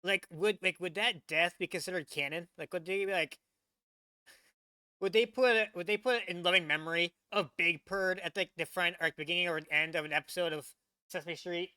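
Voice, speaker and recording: Man, rambling excitable reaction commentary, bright voice, dry recording. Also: high voice, brisk, smooth, no room sound. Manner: rambling, excitable, many restarts. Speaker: reaction channel host.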